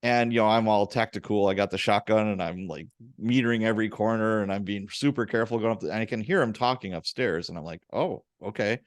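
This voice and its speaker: A man hosting a podcast, telling stories from his police days in a casual, animated and profane way. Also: on the low side, fast talker, few pauses, no echo. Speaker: podcast host, former police officer. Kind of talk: casual interview chat, storytelling.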